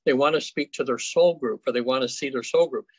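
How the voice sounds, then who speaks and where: A man, a guest on an interview show, recounts cases in a casual, halting way full of fillers and restarts. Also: medium pitch, breathy edge, dry recording, rough recording. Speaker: afterlife researcher guest.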